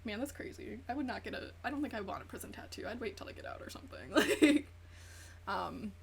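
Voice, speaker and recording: A woman's voice: medium pitch, big pitch swings, fairly quick, gravelly, slightly rough. A woman streamer chatting casually while gaming, rambling through profane gossip and acting out quotes. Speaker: VTuber streamer.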